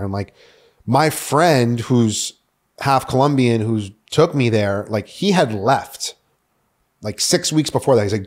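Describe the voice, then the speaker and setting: A man's voice: mid-range voice, lively intonation, slow pace. A young man from New York City as a podcast guest, candidly telling his story in a rambling, profane way, full of "like" fillers.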